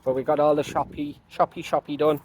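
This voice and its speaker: A man's voice: on the high side, little pitch movement, a little fast, a little mellow, slight background noise. A man with an English accent chatting casually while out shopping, full of small exclamations. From England. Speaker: vlogger.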